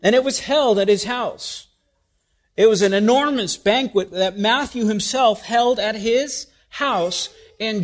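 High-voiced man preaching a sermon. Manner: expressive, rhetorical questions, wide swings in loudness.

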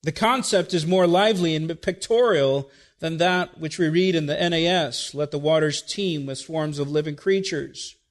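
A man's voice: on the high side, normal speed, few pauses. A man preaching an expository sermon, explaining words in a teacherly way with dry asides and frequent checks of "okay?". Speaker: pastor.

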